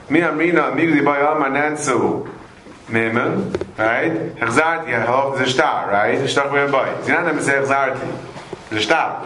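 A man teaching a Talmud class to students, animated and repetitive, mixing Aramaic and Hebrew terms into his English. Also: on the high side. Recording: echoey room, faint noise.

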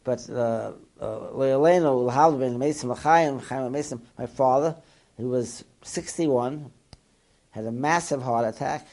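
A man teaching a Torah class, animated and asking his listeners questions, mixing Hebrew and Yiddish terms into English. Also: medium pitch, measured pace.

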